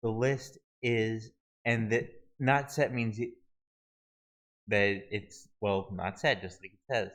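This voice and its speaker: A man with a fairly low voice narrates a screen-recorded tutorial. He talks casually and haltingly, often breaking off and restarting his sentences as he clicks through the page. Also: fairly even intonation, fairly bright tone, poor audio. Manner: halting, many restarts and fillers. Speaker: video tutorial host.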